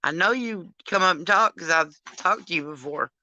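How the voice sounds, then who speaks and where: A woman's voice: on the low side, normal speed, bright, forceful tone, muffled recording. A drunk woman hosting a casual live chat, rambling, affectionate and crude as she calls on her friends. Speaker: live stream host.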